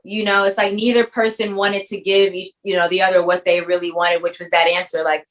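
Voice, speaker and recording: A woman's voice: fairly low pitch, little pitch movement, brisk, poor audio. Thoughtful woman filmmaker in interview. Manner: thoughtful, searching for words, frequent restarts. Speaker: film writer-director, guest. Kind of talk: reflective interview answers.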